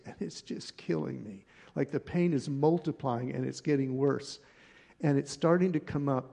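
A man preaching a sermon, telling a personal story in an animated, conversational way. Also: medium pitch, creaky. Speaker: pastor.

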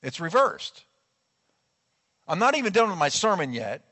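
A male pastor preaching a sermon in a lively, conversational way, acting out quotes as he goes. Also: sits high, normal speed. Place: church sanctuary. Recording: long church hall reverb.

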